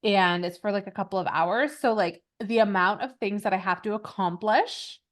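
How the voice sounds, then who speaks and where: A woman in her thirties co-hosting a podcast, chatting casually with quick laughs and self-mocking asides. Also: mid-range voice. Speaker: podcast co-host. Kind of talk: casual chat.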